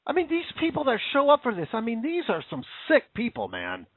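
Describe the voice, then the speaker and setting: A man's voice: very high-pitched, huge pitch swings, fairly quick, no echo. A man hosting a show, ranting in angry, sarcastic political commentary. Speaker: podcast host. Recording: tinny phone-like dry audio.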